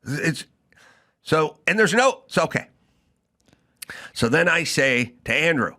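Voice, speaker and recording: A man hosting a comedy talk show, telling an animated, ranting story in a studio. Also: fairly high pitch, takes it slowly, long pauses. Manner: animated, ranting, yelling in retold scenes. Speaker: host.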